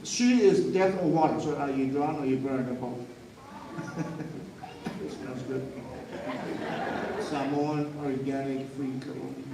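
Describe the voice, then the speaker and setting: A man's voice: mid-range voice, takes it slowly, long pauses. A man presenting a live comedic demonstration, joking and teasing the crowd and calling for audience responses. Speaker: cultural show presenter. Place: outdoor show area with a crowd. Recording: echoey, distant, crowd noise.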